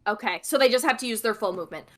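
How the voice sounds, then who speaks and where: Bright-voiced young woman game master. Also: fairly high pitch, rapid-fire. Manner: chatty, lots of fillers and restarts while narrating. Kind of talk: running a tabletop game.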